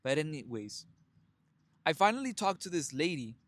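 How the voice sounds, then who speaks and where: His voice sits on the high side at a normal speed as he animatedly recounts his life in a casual motivational talk. The young self-help vlogger swears bluntly, keeps calling his audience brothers, and laughs often.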